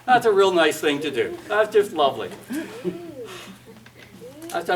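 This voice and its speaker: Brief: wry man lecturing on discipline, slightly high voice, distant mic with faint noise. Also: very animated, a little slow. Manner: storytelling, acts out quoted parents and kids, wry humor. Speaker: parenting and discipline speaker. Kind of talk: seminar talk with acted anecdotes.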